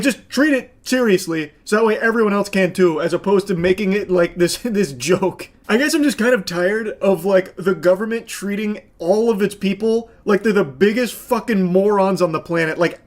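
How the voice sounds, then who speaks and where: Sarcastic man ranting with profanity. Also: high voice. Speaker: commentator. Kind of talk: reaction commentary.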